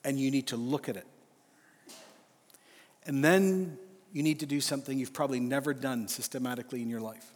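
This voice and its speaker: A man preaching an earnest, emphatic sermon at a men's conference. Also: medium pitch. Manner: earnest, emphatic, slows for a read-out prayer. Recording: live hall reverb, faint music.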